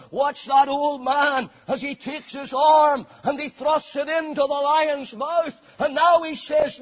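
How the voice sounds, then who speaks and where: High, husky-voiced preacher man. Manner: dramatic, swinging between hushed and shouted. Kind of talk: sermon. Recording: dull lo-fi sermon recording.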